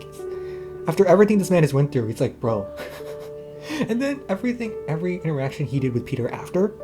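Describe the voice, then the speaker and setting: A young man rattles through a casual movie review at a very fast clip, gushing and tearful, his voice catching as he cries. Faint guitar music plays underneath. His pitch sits in an ordinary middle range. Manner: excited, gushing, tearful, says bro. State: crying.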